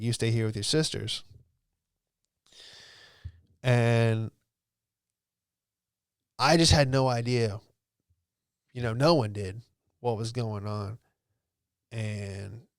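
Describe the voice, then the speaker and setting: A podcast host in his late twenties from Virginia speaks in a relaxed, rambling storytelling manner, dropping casual curses and "dude" throughout. His voice is smooth and clear, at an ordinary pitch for a man, recorded close and dry with no room sound. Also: dry recording. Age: late 20s. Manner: laid-back, swears freely, peppered with "dude" and "like".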